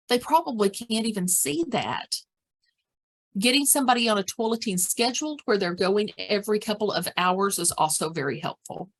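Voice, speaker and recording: A woman's voice: mid-range voice, a bit bright. A woman presenting a dementia care training, speaking practically and repeating words for emphasis. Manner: acts out example phrases and whispers.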